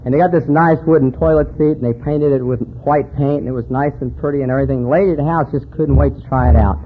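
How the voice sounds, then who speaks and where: Quick-paced and fairly even in intonation, a man with a mid-range voice entertains a recovery conference crowd with homespun jokes and stories. The hall recording sounds tinny and phone-like, with a little hiss or hum.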